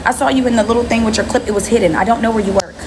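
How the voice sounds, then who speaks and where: A woman's voice: on the high side, rapid-fire, background noise. A woman hosting her own livestream, ranting bluntly and scornfully at a commenter, repeating herself over and over. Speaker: livestream host. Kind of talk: ranting livestream talk to viewers. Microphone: phone.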